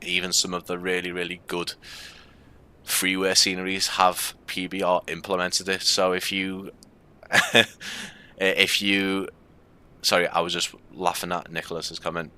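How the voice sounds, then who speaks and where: A man's voice: low voice, completely flat delivery, measured pace, bright, forceful tone, clean tone. A man with a Scouse accent giving casual, rambling commentary on a live game stream, with frequent fillers.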